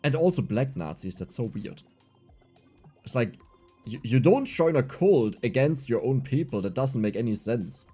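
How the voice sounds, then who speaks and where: A young man with a German accent chats on a livestream in a lively, rambling way, his pitch rising and falling a lot. His voice has a mellow, darker tone, and soft game music plays faintly underneath. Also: normal speed, slightly rough. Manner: animated, rambling, frequent restarts. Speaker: streamer. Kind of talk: casual livestream chat while gaming.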